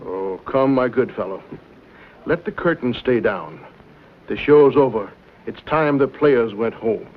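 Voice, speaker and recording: An actor playing a smooth, scheming villain who speaks with formal politeness and veiled threats, in a 1950s TV western drama. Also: male voice, mid-range voice, expressive, a little slow. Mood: smooth menace. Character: smooth scheming male villain, menacing behind polite manners. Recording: dull old TV soundtrack with faint hiss.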